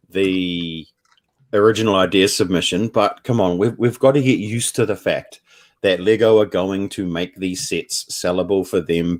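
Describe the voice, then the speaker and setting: Dry-humored New man, lowish voice. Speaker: co-host. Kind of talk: casual livestream chat. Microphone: video call.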